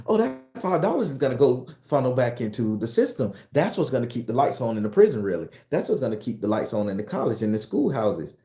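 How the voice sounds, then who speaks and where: Male storyteller, mellow voice, roomy echo, acts out his characters with sudden high squeals. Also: sing-song, fast talker, hardly any pauses. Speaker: commentator on social media channel. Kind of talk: animated storytelling monologue with profanity.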